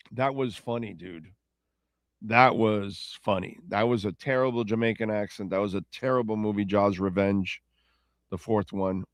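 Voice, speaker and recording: A man's voice: mid-range voice, no echo, studio quality. A man hosting a casual talk show, rambling through listener comments and correcting himself as he goes. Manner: rambling and self-correcting, loose and chatty. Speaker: radio show host.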